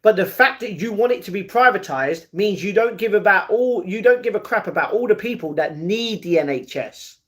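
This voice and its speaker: A man's voice: sits high, animated, normal speed, hardly any pauses, fairly bright tone. A man hosting a casual livestream, reading viewers' chat messages aloud and answering each one directly from home. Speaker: livestream host.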